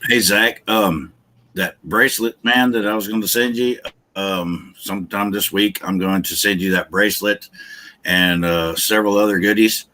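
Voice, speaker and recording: A man's voice: on the low side, normal speed, pushed and bright. A man hosting a casual chat, friendly and loose, calling people man and brother.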